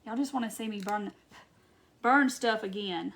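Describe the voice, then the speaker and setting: A woman from Wisconsin hosting a casual live-stream craft tutorial, chatting to viewers, answering their comments and muttering soft asides to herself as she works. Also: mid-range voice, moderate pace, vocal fry, background noise.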